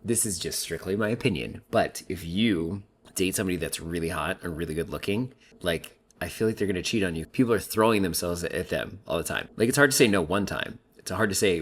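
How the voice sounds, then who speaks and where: A man recaps a reality TV episode with casual, opinionated commentary in a voice that sits low. He thinks out loud, peppers his speech with "like," and laughs easily between remarks.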